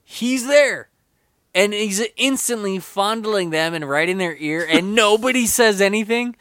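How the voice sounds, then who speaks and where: Bright-voiced man hosting a movie podcast. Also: high-pitched, moderate pace, clean tone, no echo, clean studio sound. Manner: animated, does mocking voices of characters. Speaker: podcast host. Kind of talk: casual podcast chat.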